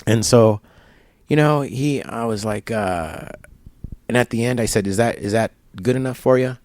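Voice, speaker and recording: In a barber shop, a man with a mid-range, slightly mellow voice speaks at a moderate pace, without echo. He's being interviewed and tells a long, easygoing story, acting out each side of phone calls with quoted dialogue and laughs.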